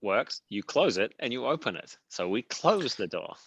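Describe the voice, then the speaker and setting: A man playing a tabletop game in character, playfully pitching a sneaky scheme. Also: very animated, moderate pace. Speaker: player.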